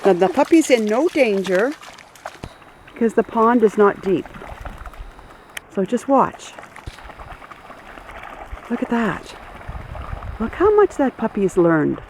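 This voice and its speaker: Woman, dog breeder, outdoors, chatty, coaxing, animated pitch, faint outdoor ambience. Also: takes it slowly, pauses often, slight background noise. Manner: chatty, coaxing, talks to the dogs. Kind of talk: casual outdoor video narration. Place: outdoors beside a pond.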